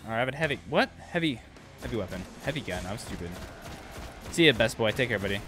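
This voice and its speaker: Man, game streamer, casual commentary, animated pitch, quick reactions, faint music behind. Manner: excitable, quick reactions, chatting with viewers.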